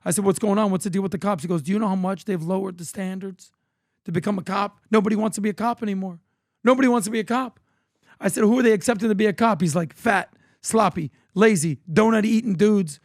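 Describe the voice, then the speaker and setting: A man's voice: high-pitched, fast, no room sound, clean studio sound. A man in his thirties, from Florida, co-hosting a podcast and telling stories with energy, acting out the people he quotes. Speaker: podcast co-host. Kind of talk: animated storytelling chat.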